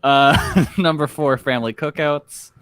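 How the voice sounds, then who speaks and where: A man's voice: a little high, a little slow, fairly bright tone. A man co-hosting a podcast, easygoing, reading out list items and chatting. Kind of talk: casual chat.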